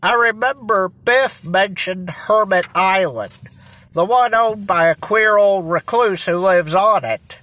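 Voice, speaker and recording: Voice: medium pitch, takes it slowly, bright, forceful tone. A reader voicing Tony, a friendly, enthusiastic teenage boy, in an audiobook. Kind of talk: audiobook character reading.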